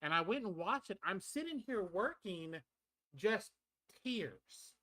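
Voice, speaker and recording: A woman's voice: mid-range voice, big pitch swings, takes it slowly, fairly bright tone, dry recording. A woman co-hosting a casual podcast chat, chiming in supportively. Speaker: co-host.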